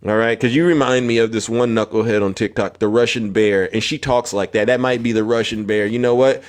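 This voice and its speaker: A man running a political livestream with a confrontational, preachy manner. He repeats phrases, climbs in pitch on emphatic lines and calls viewers out one by one. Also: steady tone, brisk. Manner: confrontational, repetitive, calling out viewers by name. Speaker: livestream host.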